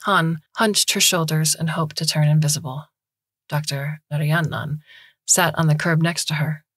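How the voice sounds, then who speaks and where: A woman reads a short story aloud in a measured, steady voice. Her tone is low and husky. The recording is close and dry, with no room sound. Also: no room sound. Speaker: story reader. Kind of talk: scripted narration.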